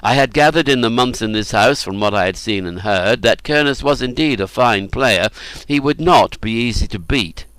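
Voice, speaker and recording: A man reading an audiobook in scripted narration, measured and deliberate. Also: mid-range voice, fairly bright tone, clear, resonant tone, no echo.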